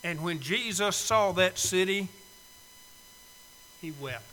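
A male preacher giving a sermon invitation in a church, pleading and swinging from loud urging to soft, hushed appeals. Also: high voice, animated, slow pace, long reverb tail, rough recording. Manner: pleading, swells loud then drops soft. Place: church sanctuary.

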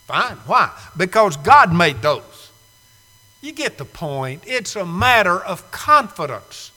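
Male preacher, high-pitched and very bright, emphatic, dramatic loud-to-hushed delivery. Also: big-room sound, poor audio. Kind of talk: sermon. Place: church sanctuary.

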